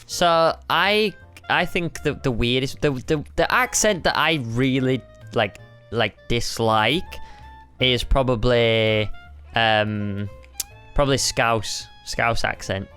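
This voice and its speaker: A smooth, clear-voiced man in a casual podcast chat, mid-pitched and teasing as he prods his co-host. He fills his sentences with "like." Faint music hums in the background. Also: slow, pushed and bright. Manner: teasing, chatty, uses "like" a lot.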